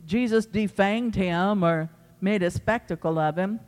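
A man with a high voice preaches unhurriedly to his congregation in a church sanctuary, speaking emphatically and repeating his phrases. A long hall reverb from the church fills the recording.

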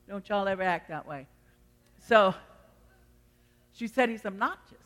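A woman's voice: medium pitch, lively intonation, unhurried, long pauses, a bit bright. A middle-aged woman pastor preaching a sermon, emphatic and acting out the voices she quotes. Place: church sanctuary. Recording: long reverb of a church hall.

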